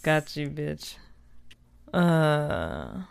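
A woman's voice: deep voice, big pitch swings, very slow, gravelly. A woman co-hosting a comedy podcast, laughing and swearing as she flubs her lines. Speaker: podcast co-host reading spoof lines. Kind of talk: casual blooper banter.

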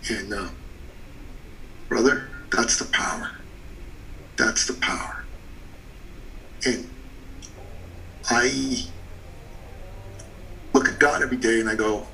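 A man on a podcast telling a personal story in short, punchy phrases, animated at times and hushed in the emotional parts. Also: medium pitch, slow pace, gravelly, pauses often, recorded from a distance, a little hiss or hum, low-quality recording. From Canada. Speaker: business coach and podcast guest.

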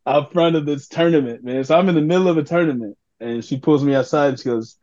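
A man co-hosting a podcast, telling a story in a casual, animated way and laughing through it. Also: a little high, fast talker. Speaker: podcast co-host. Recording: dull lo-fi sound.

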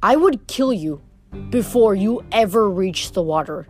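A woman's voice: mid-range voice, animated, measured pace, slightly rough, faint music behind. A woman reading aloud, voicing a smug male monster villain who speaks in formal, mocking threats. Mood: menacing. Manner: mocking, formal menacing speech.

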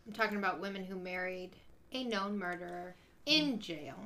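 A woman's voice: on the low side, moderate pace, sharp tone, slight background noise. Laid-back woman podcast co-host. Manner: laid-back, brief replies. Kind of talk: casual podcast chat.

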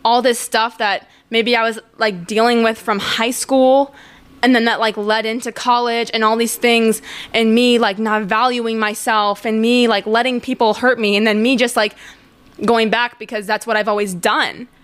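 A woman's voice: a little high, level tone, normal speed, clear, resonant tone. A woman in her twenties hosting a podcast, talking in a rambling, candid monologue full of "like". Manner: rambling and candid, heavy use of "like". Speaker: podcast host. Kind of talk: casual monologue.

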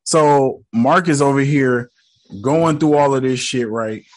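A man retelling a show episode in loose, slangy talk full of swearing, getting excited as he goes. His voice sits at a middle pitch and is recorded close and dry, with no room sound. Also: measured pace, dry recording. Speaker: show reactor. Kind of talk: casual episode recap.

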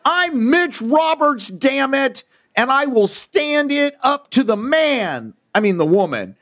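An actor playing an insecure office worker who stammers and rambles. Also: male voice, high-pitched, wildly swooping pitch, unhurried, heavily acted. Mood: nervous. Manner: stammering, restarting.

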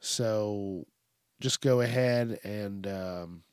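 A man's voice: on the low side, drawn-out words, darkish tone, smooth, no room sound, clean studio sound. A man hosting a podcast alone, ranting in a profane, casual way and briefly mimicking people. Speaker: podcast host. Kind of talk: casual solo rant.

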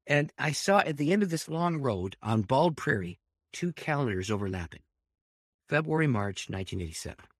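A man, a pastor, telling a personal story with lots of laughter, dropping to a hush and then rising loud and excited. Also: mid-range voice, normal speed, dry recording, studio quality. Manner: animated storyteller, laughs often, swings between hushed and loud. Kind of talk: storytelling testimony.

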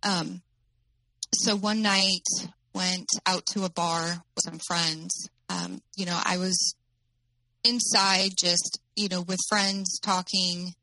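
A woman telling her own story as an interview guest, in a halting way with many fillers. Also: on the low side, flat delivery, sharp tone, no echo, low-quality recording.

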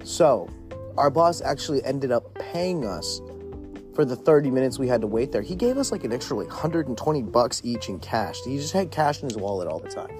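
A man's voice: medium pitch, very animated, fairly quick, music in the background. A man telling a story in a casual monologue, rambling with lots of "like" fillers and frequent swearing. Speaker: podcast storyteller.

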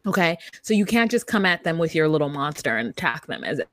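A woman's voice: low-pitched, a little fast, no echo. A woman co-hosting a podcast, recapping a reality show in casual chat, laughing often and putting on dramatic voices for quotes. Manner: animated, laughs often, mock-dramatic voices when quoting. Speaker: podcast co-host.

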